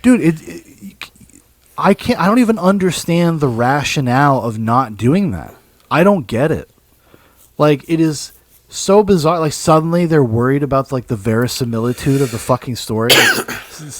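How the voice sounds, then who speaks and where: Dry-sounding man, animated film chat. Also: medium pitch, no room sound. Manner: animated, swears freely, laughs often. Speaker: podcast co-host. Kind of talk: casual film discussion.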